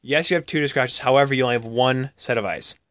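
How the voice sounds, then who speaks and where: A man's voice: medium pitch, fast talker, dry recording, studio quality. A man co-hosting a podcast, chatting and arguing casually about hockey, joking and interrupting. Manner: animated, jokey, argues and cuts in. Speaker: podcast co-host.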